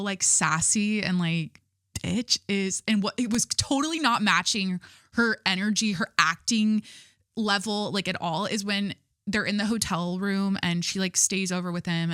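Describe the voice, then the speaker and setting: A young woman with a medium-pitched, sharp-toned voice hosts a podcast, chatting casually. She rambles, says "like" constantly, swears, and laughs at herself. The studio sound is clean with no room sound.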